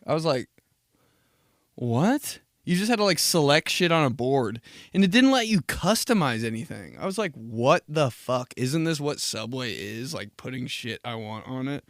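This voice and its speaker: A young man riffing alone on his podcast in a loose, profane, rambling way, often laughing at himself. His voice sits in an ordinary middle pitch. The sound is dry and close, with no room echo. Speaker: podcast host. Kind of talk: casual solo podcast monologue.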